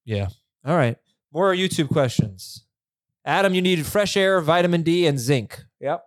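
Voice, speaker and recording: A man hosting a podcast who has young kids, talking in easygoing, teasing casual banter with quick asides. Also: a little high, animated, no echo, studio quality. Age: adult, parent. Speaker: podcast host.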